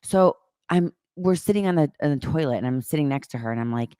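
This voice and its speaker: Lower-pitched woman telling animated stories. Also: quick pace, clean tone, no room sound, studio quality. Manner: animated storytelling, swears casually. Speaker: podcast co-host. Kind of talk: casual chat.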